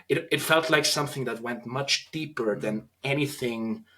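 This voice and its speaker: A man in his thirties with an Austrian German accent, a guest on a podcast interview, talking earnestly and reflectively with halting restarts. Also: mid-range voice, noisy background. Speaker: podcast guest, trainee priest.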